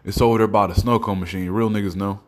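Low-voiced podcast host from Oklahoma, loose, profane, storytelling monologue. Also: male voice, fairly even intonation, fast talker. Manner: profane, rambling storytelling with laughs. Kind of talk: casual comedic monologue.

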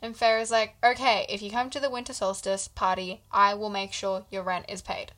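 A woman's voice: medium pitch, little pitch movement, normal speed, a bit bright. A woman in casual chat with a friend, agreeing, laughing along and summarizing a book. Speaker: book podcast co-host.

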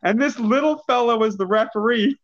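A man's voice: extremely high pitch, fairly quick. A man trading stories on a podcast in a loose, casual way. He often breaks into laughter mid-sentence. His voice comes through slightly dull and lo-fi. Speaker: podcast co-host. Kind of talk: casual storytelling chat.

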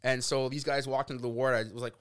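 A young man from Canada telling a story in casual podcast chat, animated and laughing, acting out quotes. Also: medium pitch, fast, clear, resonant tone. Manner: animated, laughs often, acts out quotes, swears. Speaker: podcast guest.

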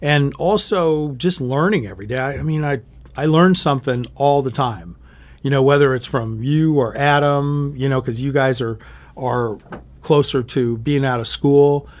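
A man's voice: medium pitch, moderate pace. A middle-aged man, a TV meteorologist, chatting casually and telling stories, often restarting his sentences. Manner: rambling, self-correcting storyteller. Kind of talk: casual interview chat.

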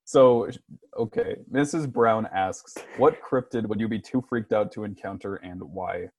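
A man's voice: on the low side, unhurried, slight background noise. A man co-hosting a podcast, talking in a rambling, casual way full of fillers. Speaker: podcast co-host. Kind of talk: casual chat.

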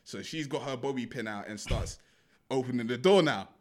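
A man's voice: medium pitch, normal speed. A young man, a podcast co-host casually retelling a film plot and acting out the characters' lines in slangy chat. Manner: animated storyteller, acts out characters' lines, slangy.

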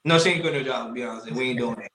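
A man co-hosting a podcast, animated and joking in heavy slang, in casual banter. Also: medium pitch, fast, roomy sound, poor audio. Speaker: podcast co-host.

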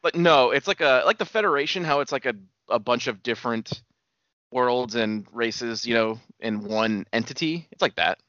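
A man's voice: medium pitch, normal speed, sharp tone, no echo. A young man in casual chat, laid-back, filling in details for his co-host. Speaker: podcast co-host. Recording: muffled dry recording.

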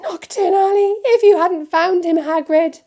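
A woman reading aloud, voicing a fussing, bossy mother witch in a high, urgent voice. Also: unhurried, warm tone. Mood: frantic.

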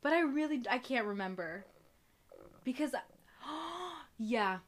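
Teen girl, reactive co-host, slightly high, exclaims often. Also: lively intonation. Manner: reactive, exclaiming and laughing, quick back-channel replies. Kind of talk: casual chat.

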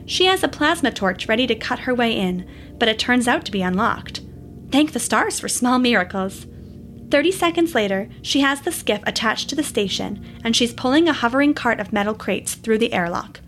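A woman narrating a scripted space adventure story in a steady, descriptive way. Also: on the high side, normal speed, slight background noise.

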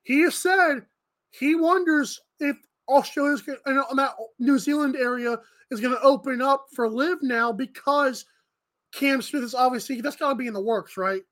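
High-voiced chatty woman podcast host. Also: normal speed. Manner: chatty, laughs often, enthusiastic. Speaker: morning show host. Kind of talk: casual podcast chat.

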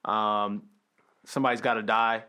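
A man hosting a casual podcast chat, laid-back and filling pauses with "like" and "um". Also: on the low side, level tone, sharp tone, clean tone. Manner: laid-back, many fillers like "like" and "um". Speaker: podcast host.

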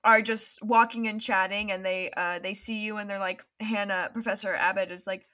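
A woman's voice: mid-range voice, normal speed. A woman running a tabletop game as game master, narrating loosely with many fillers. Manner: relaxed, filler-heavy narration.

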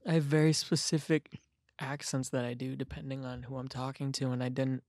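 A young man with a gravelly voice, worn down from not sleeping, trades deadpan, sarcastic jokes on a podcast. His mid-range voice sits dry and close on the mic, with no room around it. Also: medium pitch, fairly quick, dry recording. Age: young adult. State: tired from lack of sleep. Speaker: podcast host. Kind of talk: casual chat.

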